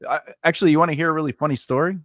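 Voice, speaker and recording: A man's voice: a little high, rapid-fire, dry recording, clean studio sound. A man chatting on a live stream, telling a self-mocking story and acting out the people in it. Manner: animated, self-mocking, acts out quoted people. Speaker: regular co-host. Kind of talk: casual storytelling chat.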